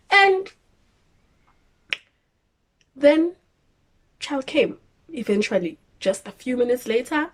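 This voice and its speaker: A young South African woman casually telling her birth story, animated and laughing as she acts out moments. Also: sits high, slow, long pauses. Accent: South African English.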